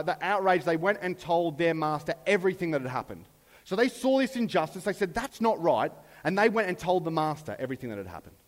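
A man preaching a sermon in a relaxed, conversational way, briefly acting out the lines of the people in the story. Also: fairly high pitch, long reverb tail. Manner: conversational, acts out characters' lines. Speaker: pastor.

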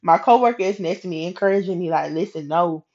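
A woman hosting a podcast, telling a personal faith story in a chatty, animated way and acting out what people said. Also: on the low side, quick pace, highs cut off. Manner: animated and chatty, slips into quoted voices, laughs. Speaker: podcast host. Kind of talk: casual faith storytelling monologue.

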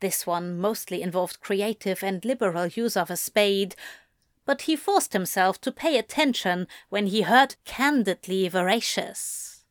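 A woman narrating a fan fiction story aloud with measured, expressive delivery. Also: mid-range voice, dry recording, studio quality. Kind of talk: audiobook reading of fan fiction.

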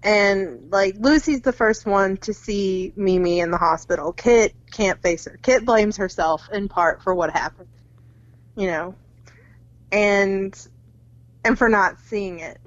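A woman's voice: mid-range voice, slow, dry recording. Woman recapping a film, dull dry mic. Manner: retells the plot with lots of "like" and acted quotes, swears freely. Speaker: podcast co-host. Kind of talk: casual movie recap chat.

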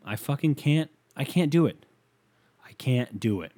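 A man's voice: mid-range voice, animated, measured pace, dark tone, a little hiss or hum. A young man hosting a solo podcast, ranting and rambling with lots of swearing. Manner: profane, rambling, exasperated. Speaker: podcast host. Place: bedroom. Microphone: leaning on the mic.

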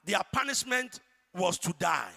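A man with a Ghanaian accent preaching a sermon, shouting one moment and hushed the next. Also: sits high, very animated, a little slow, vocal fry. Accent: Ghanaian English. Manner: dramatic, swings from shouting to hushed. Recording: church hall reverb.

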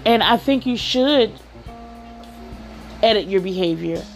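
A woman's voice: mid-range voice, lively intonation, unhurried, gravelly, faint music behind. A woman hosting a podcast, giving advice in a chatty storytelling way and often saying "you know.". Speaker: podcast host. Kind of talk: casual advice monologue.

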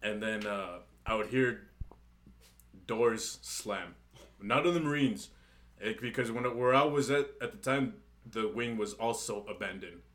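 A man's voice: lowish voice, a little slow, fairly bright tone. A young man, a podcast co-host, telling a story in a casual, profane way.

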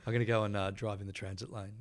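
A middle-aged Australian man, a TV host guesting on a podcast, telling lively anecdotes and acting out the people in them. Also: fairly low pitch, racing, noisy background. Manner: lively storyteller, acts out quotes.

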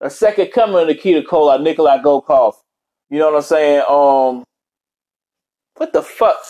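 A man's voice: a little high, animated, normal speed, dark tone. A man in a casual, rambling rant, cursing constantly and jumping between topics. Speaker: vlogger.

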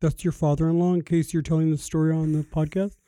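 High-voiced animated storytelling man. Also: fast talker, no room sound, studio quality. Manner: animated storyteller, acts out quotes. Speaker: podcast co-host. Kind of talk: casual podcast chat.

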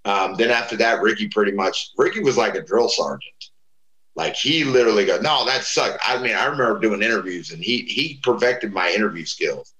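Low-voiced man telling wild stories. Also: fairly quick. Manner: animated, acts out quoted voices. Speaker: guest. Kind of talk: casual storytelling. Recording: roomy echo.

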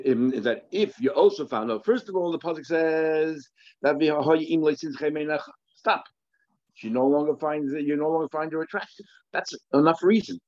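A man's voice: on the high side, a little mellow, no room sound. Man teaching Talmud, dry lo-fi sound. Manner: thinking aloud, repeating phrases, mixing Hebrew and Aramaic terms into English. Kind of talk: daily Talmud class. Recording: dry, dull lo-fi recording.

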